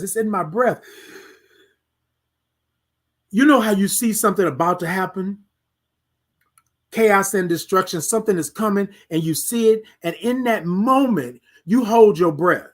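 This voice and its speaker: Emphatic motivational podcast host. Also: mid-range voice. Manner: emphatic, repetitive rhetorical questions, talks straight to listeners; speaks to self by name, soft and coaxing in places. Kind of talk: motivational monologue.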